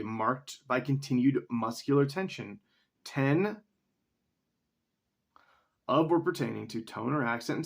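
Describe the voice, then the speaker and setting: A man talking casually to himself in a solo vlog, rambling as he reads definitions aloud and swears now and then. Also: mid-range voice. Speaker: vlogger.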